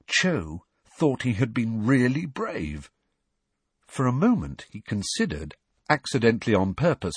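Brief: male narrator, low husky voice, lively storytelling, dry close recording. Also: dry recording. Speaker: audiobook narrator. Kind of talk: scripted narration.

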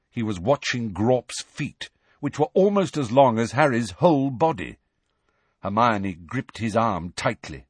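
A male audiobook narrator with a dramatic, shifting storytelling delivery. His voice swings widely in pitch and carries a husky grain. The sound is close and dry with no room around it. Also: no room sound.

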